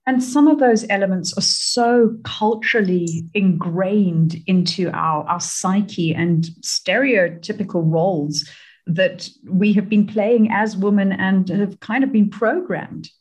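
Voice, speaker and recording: A woman's voice: mid-range voice, takes it slowly, darkish tone. A woman hosting a radio show, who affirms her guest and asks reflective questions. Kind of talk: radio interview.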